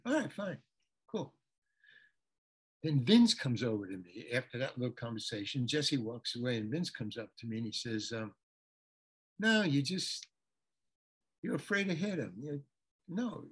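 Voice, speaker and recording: A man with a husky, slightly high voice tells a story from a shoot. He acts out every exchange, bouncing between voices and restarting sentences as he goes. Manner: animated, acts out the dialogue of others in his story; restarts and repeats words. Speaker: guest actor. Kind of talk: anecdotal storytelling.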